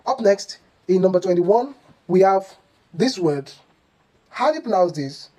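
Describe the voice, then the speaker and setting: Deliberate voice teaching pronunciation. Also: mid-range voice, animated, mellow, low-quality recording. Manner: repeats each word slowly and deliberately; quizzes the listener with questions. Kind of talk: pronunciation lesson.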